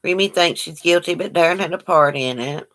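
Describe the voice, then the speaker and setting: Woman livestream host, deep voice, chatty, reads comments aloud. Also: a little fast, fairly bright tone. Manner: chatty, reads out viewer comments and greets them. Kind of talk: casual livestream chat.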